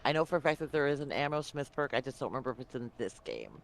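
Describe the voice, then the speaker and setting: A man chatting casually with friends about a game, laughing often and adding quick asides. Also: medium pitch, sing-song, vocal fry, slight background noise. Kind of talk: casual gaming chat.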